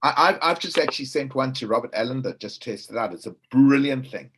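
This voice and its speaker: A man's voice: mid-range voice, expressive, fairly quick, a bit bright, a little hiss or hum. A man hosting a webinar over a video call, chiming in with upbeat, enthusiastic remarks. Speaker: webinar host. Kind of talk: casual chat.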